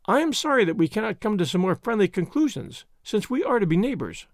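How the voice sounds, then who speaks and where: A cool, quick-witted woman doctor, as a male narrator puts her on, answering in a dry, composed, gently ironic tone. The voice sits a little raised and lifts and falls with plenty of movement. It is close and dry, with no room sound. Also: sits high, big pitch swings, dry recording, voice pushed up. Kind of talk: audiobook character voice.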